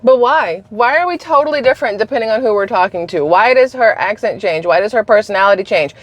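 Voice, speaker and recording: A woman's voice: medium pitch, expressive, fast talker, lo-fi sound. Blunt woman delivering political commentary. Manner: blunt, opinionated, casual. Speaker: channel host.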